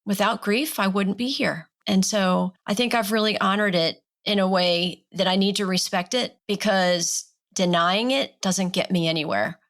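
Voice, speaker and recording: A woman's voice: medium pitch, moderate pace, hardly any pauses, fairly bright tone. A woman guest on a podcast, a life coach talking in a heartfelt, emphatic way in casual conversation.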